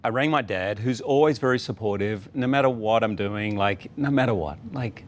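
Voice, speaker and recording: A middle-aged man, his voice sitting a little low, tells a story on a talk show. He acts out the people he quotes as he goes, and a faint hiss runs underneath. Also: moderate pace, few pauses. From Australia. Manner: animated storyteller acting out quotes. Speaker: guest. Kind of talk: casual talk-show anecdote.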